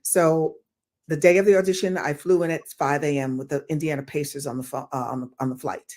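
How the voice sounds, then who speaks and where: An older woman with a slightly low voice tells a story as an interview guest. She is animated and swears freely, and she acts out the people in her tale as she goes. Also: fairly quick. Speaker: guest actress.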